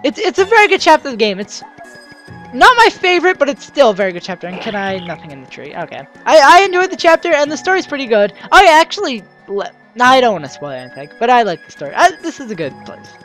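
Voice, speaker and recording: High, lively young woman gaming host. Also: fast talker. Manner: chatty, stumbling restarts, excitable. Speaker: let's play host. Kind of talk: casual gameplay commentary. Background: faint game music.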